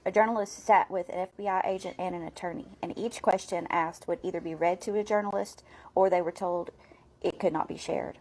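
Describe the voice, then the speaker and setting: A woman reading scripted video narration in a steady, even way. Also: fairly low pitch, brisk, rough recording.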